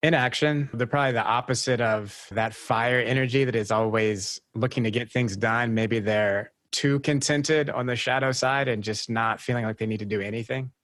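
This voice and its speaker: A man's voice: mid-range voice, steady tone, normal speed, hardly any pauses, a bit bright, no room sound. A man hosting a podcast, easygoing and answering questions thoughtfully in casual conversation. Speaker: podcast host.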